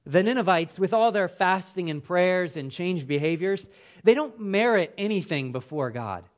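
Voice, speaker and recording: A man preaching a sermon, with an expressive, emphatic delivery whose phrases fall away at the ends. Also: high-pitched, moderate pace.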